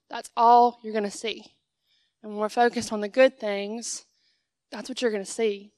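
A young woman with a smooth, fairly high voice speaks as a guest preacher in a church sanctuary, recorded without echo. Her sermon is conversational, and she acts out small dialogues with God.

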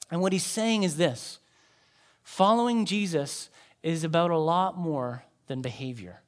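A man, a pastor, preaching a sermon in a conversational way, with emphatic rises and quiet drops. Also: high voice, animated, moderate pace.

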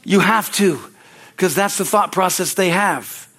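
Male pastor, high voice, fiery sermon, repeats lines, calls for amens. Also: a little slow. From United States. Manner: excitable preaching, rising to loud exclamations.

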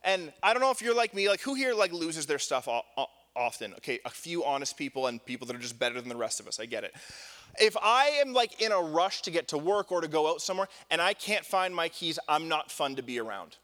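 Chatty young pastor in a reverberant hall. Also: male voice, a little high, lively intonation, fast, pushed and bright. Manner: conversational storytelling with many fillers; self-deprecating and joking. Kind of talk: sermon.

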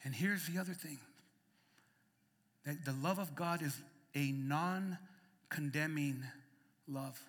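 A male pastor with a high, bright, forceful voice delivers a passionate sermon. He climbs to loud emphatic peaks, then drops to quiet, intimate passages. His voice rings out with the long reverb of a church hall. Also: slow pace, pauses often. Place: church sanctuary.

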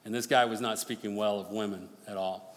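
A man preaching a sermon as pastor, swinging from forceful near-shouted appeals to hushed, quick storytelling. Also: fairly low pitch, fairly even intonation. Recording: long reverb of a large hall.

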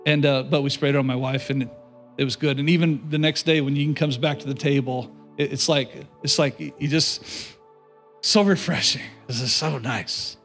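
A middle-aged man preaching a sermon, telling a personal story with animated delivery and speaking directly to his congregation. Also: medium pitch, brisk, faint music behind. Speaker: pastor.

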